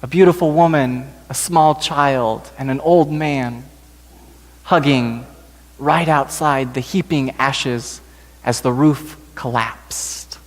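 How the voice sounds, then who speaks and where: A male pastor slowly telling a story during a sermon in a church sanctuary. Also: medium pitch, big-room sound. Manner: slow, gentle storytelling.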